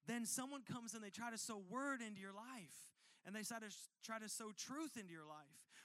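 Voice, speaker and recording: A man's voice: very high-pitched, bright, forceful tone, dry recording. A man preaching a sermon as pastor, earnest and repetitive, acting out quoted voices.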